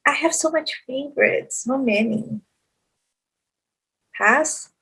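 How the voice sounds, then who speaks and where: Breathy Filipino-accented mother, slow and halting. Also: high voice, a bit bright. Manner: hesitant, searching for words, laughs easily. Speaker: guest, the hosts' mother. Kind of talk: casual podcast chat.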